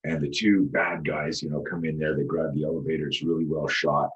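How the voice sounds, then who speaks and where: A man with a very deep voice talks through stories on a podcast, pressing his points with intensity and repetition. The recording sounds somewhat dull and lo-fi. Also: little pitch movement, a little fast. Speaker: self-defense teacher, guest. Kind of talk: casual podcast storytelling.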